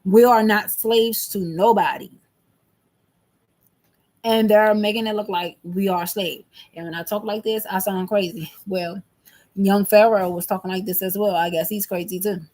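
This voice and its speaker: A woman's voice: mid-range voice, steady tone, normal speed, a little mellow. A woman in her thirties venting to camera in an emphatic, repetitive, agitated monologue. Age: 30s. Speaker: vlogger.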